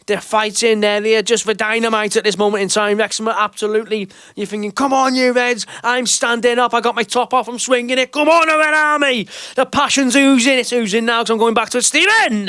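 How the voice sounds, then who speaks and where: Man, football fan show host, excitable, high-pitched, dry close recording. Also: clear, resonant tone, no echo. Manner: excitable, swings from fuming to jubilant. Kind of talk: animated solo football recap. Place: home room.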